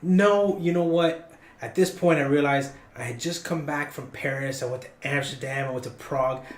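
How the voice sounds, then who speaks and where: A man telling a long story on a podcast in a casual, animated, jokey way. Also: moderate pace, echoey room. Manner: animated, jokey, rising in pitch for punchlines.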